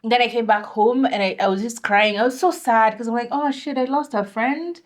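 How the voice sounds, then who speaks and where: A young woman chatting on a podcast, telling her story with animated energy. Her voice sits a little high, and she slips Swahili slang into her English. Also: a little fast. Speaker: podcast co-host. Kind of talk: casual chat.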